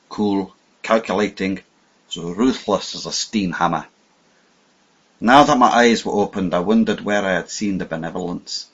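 Male audiobook narrator, lowish husky voice, measured dramatic delivery; muffled recording. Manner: measured, dramatic first-person reading. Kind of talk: scripted narration. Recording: dull lo-fi audio.

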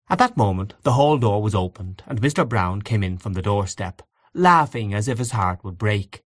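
A man with a low voice reads classic fiction aloud in a measured, expressive way. His inflection is lively, and the recording is close and dry. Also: no echo. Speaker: narrator. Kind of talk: audiobook narration of classic fiction.

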